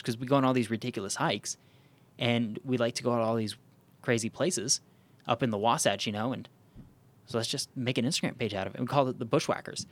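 A man's voice: mid-range voice, steady tone, fast. Casual rambling man with many fillers. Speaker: podcast host. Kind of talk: casual chat.

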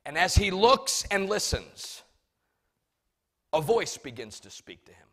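A man preaching a sermon, swinging from loud shouts to soft asides. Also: high voice, big pitch swings, unhurried.

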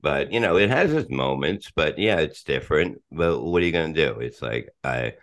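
Very deep-voiced rambling, profane man. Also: lively intonation, moderate pace, a bit bright. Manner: rambling, profane, restarts often, laughs a lot. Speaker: podcast guest, comedian. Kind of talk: casual podcast chat.

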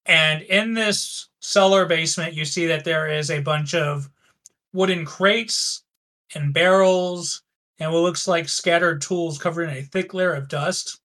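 A male game master narrates a tabletop game in a high, bright voice. He describes the scene slowly, with the odd filler. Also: steady tone.

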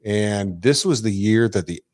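A man's voice: on the low side, animated, a little slow, a little mellow. A man chatting casually, telling a long anecdote in a rambling way, swearing freely and restarting his sentences often. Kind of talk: casual chat.

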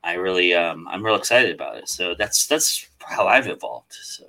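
Bright-voiced bantering man. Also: sits low, lively intonation, moderate pace, gravelly. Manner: bantering, laughing, emphatic. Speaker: podcast co-host. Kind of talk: casual chat.

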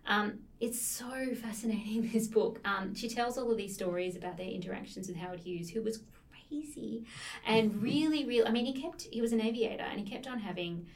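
A woman's voice: medium pitch, a little fast, hardly any pauses, recorded from a distance. A woman co-hosting a casual chat about books, telling stories enthusiastically and laughing often. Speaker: podcast co-host discussing books.

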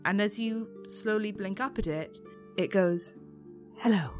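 A woman's voice: medium pitch, faint music behind. Woman narrating soothingly as game master. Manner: slow, soothing descriptive narration.

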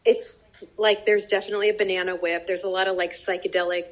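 A woman's voice: on the low side, fast, rough recording. A young woman, a professional baker, chatting casually with many fillers while tasting a cake. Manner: rambling, many fillers, lively.

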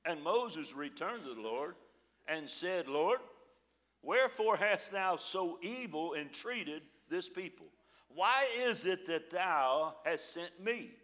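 A male pastor delivers a sermon in a high, bright voice. He reads scripture aloud slowly with dramatic pauses. Between passages he talks to the congregation in a folksy, plainspoken way. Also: expressive.

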